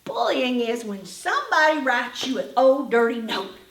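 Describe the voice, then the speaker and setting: Brief: woman playing a prim, eager little know-it-all, high-pitched, heard from across a roomy space. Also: animated, normal speed, a bit bright. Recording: roomy, from a distance.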